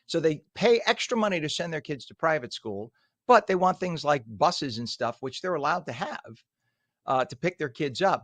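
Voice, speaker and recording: A man's voice: fairly high pitch, lively intonation, normal speed, fairly bright tone, no room sound. A man hosting a morning talk show, reading news items and ranting about them in heated, sarcastic commentary.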